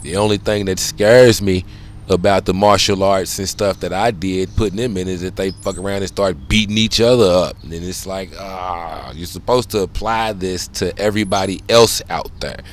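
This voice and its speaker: A man's voice: sits low, normal speed, slight background noise. A middle-aged man hosting a casual monologue, loose and conversational, swearing often and checking in with "you know what I'm saying.". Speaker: podcast host.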